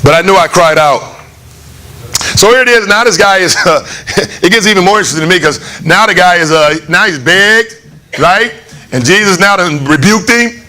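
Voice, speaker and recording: A man preaching a conversational, animated sermon in church, acting out lines of the story. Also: high voice, fairly quick. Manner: animated, conversational, acts out voices with laughs. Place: church hall.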